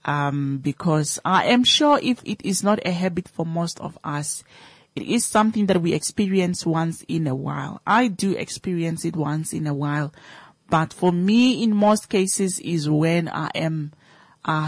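A woman's voice: fairly low pitch, expressive, measured pace, dry recording. A woman radio host, talking casually to listeners with many fillers and questions.

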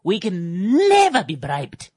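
A man's voice: high-pitched, huge pitch swings, takes it slowly, darkish tone, slightly rough, no echo. A man, hosting a radio show and giving satirical news commentary with sarcastic, mock-indignant asides and stumbling restarts. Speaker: radio host.

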